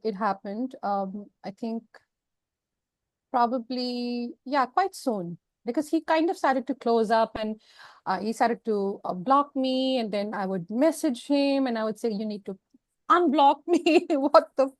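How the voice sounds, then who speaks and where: Expressive woman sharing a raw story. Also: fairly high pitch, a little slow, no room sound. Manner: emotional, expressive, frank. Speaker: interview guest. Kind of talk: candid personal storytelling.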